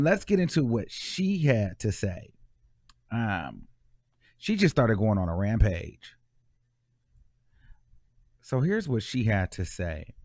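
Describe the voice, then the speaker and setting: A man's voice: mid-range voice, no room sound, clean studio sound. A man hosting casual celebrity gossip commentary, chatty and full of fillers as he scrolls through posts.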